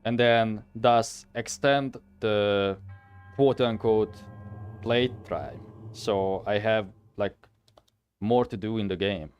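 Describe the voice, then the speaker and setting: A young man streams a game and rambles through his thoughts as he plays, full of fillers and loose asides. His voice sits fairly low. Faint music plays under him. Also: slow pace, dull audio. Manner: rambling, thinking aloud with fillers. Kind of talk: casual live game commentary.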